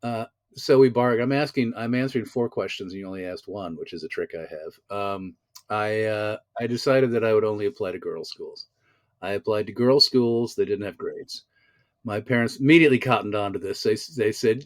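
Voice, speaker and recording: Speaking a little fast in a lowish voice, a male actor joins a casual video-call interview from home, bookshelves at his back. The audio is dry, and his storytelling comes across as wry and theatrical, rich in colorful wordplay.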